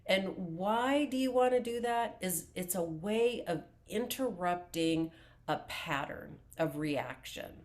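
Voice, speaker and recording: A woman life coach talking to camera in a self-help video, explaining calmly and deliberately with a few restarts. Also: on the low side. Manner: calm, slow, deliberate explaining with filler restarts.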